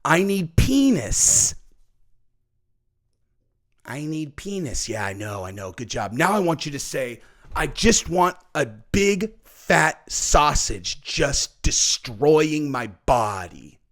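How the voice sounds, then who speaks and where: A man doing a low, quick impression of a cocky male fighter who orders a woman around. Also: sing-song, fairly bright tone, heavily acted. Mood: bossy. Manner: low, quick, bossy muttering.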